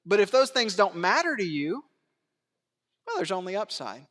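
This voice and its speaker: A man preaching a sermon in a church, swinging between hushed asides and raised emphatic lines, chuckling and asking rhetorical questions. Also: high-pitched, big pitch swings, moderate pace, big-room sound. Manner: acts out biblical quotes in character voices. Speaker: pastor. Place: church sanctuary.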